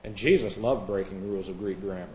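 A man preaching a sermon, combative and sarcastic, dropping to hushed asides and rising to loud outbursts. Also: low-pitched, fast, reverberant.

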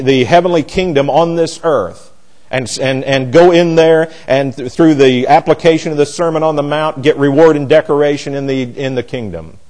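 A man's voice: medium pitch, darkish tone, rough recording. A man teaching a Bible class, blunt and emphatic, often restarting his sentences.

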